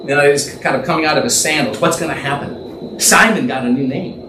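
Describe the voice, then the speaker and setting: A man's voice: on the high side, a little fast. A man teaching from the Bible in a conversational, thinking-aloud way, imagining the scene and correcting himself as he goes. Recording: echoey room, distant mic, faint background noise.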